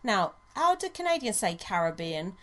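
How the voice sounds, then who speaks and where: Sweary woman, lively voice. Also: mid-range voice, fairly quick. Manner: sweary, sarcastic, laughs often. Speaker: podcast co-host. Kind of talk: casual chat.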